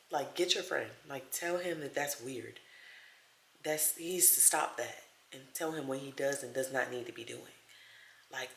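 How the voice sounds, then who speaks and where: A young woman vlogging at home, telling stories in a chatty, animated way and acting out what people said. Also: deep voice, a little hiss or hum. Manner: chatty, animated, acts out quotes. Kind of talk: casual storytelling vlog. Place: home, small room. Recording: echoey room.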